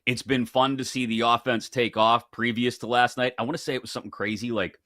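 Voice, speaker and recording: A male host of a sports betting show from the upper Midwest, giving an upbeat, rapid rundown of games and odds. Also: mid-range voice, fairly even intonation, a bit bright, dry recording, clean studio sound.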